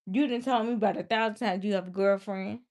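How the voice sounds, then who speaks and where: A woman's voice: mid-range voice, fairly even intonation, fast talker, darkish tone. A young woman livestreaming, casually and exasperatedly scolding a viewer in the chat. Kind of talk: casual live-stream talk to chat.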